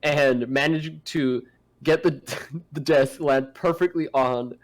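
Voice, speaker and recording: A man voicing a flustered schoolteacher who haltingly reports a classroom accident. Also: fairly high pitch, fairly even intonation. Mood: apologetic.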